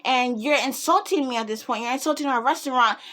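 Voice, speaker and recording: A man's voice: very high-pitched, fast talker, bright, forceful tone. A woman voicing a defensive male restaurant manager in a put-on accent, indignant and stiff.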